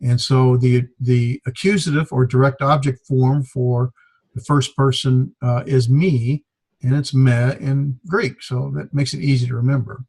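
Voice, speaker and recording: A man teaching a Greek grammar class, explaining in a halting way with many fillers. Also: medium pitch, steady tone, darkish tone, husky. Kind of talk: classroom lecture.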